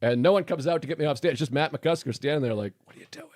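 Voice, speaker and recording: A man's voice: a little high, rapid-fire, a little mellow, dry recording, clean studio sound. A man casually telling a rambling anecdote on a comedy podcast. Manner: laid-back, rambling with fillers. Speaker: comedian guest.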